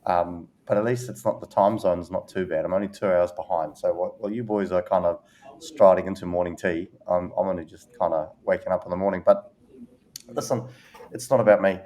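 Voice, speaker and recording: A man's voice: sits low, fairly even intonation, fairly quick, warm tone. A man co-hosting a podcast, joking and teasing his co-hosts in casual banter with plenty of "um"s. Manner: teasing, joking, many "um" fillers. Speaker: podcast co-host.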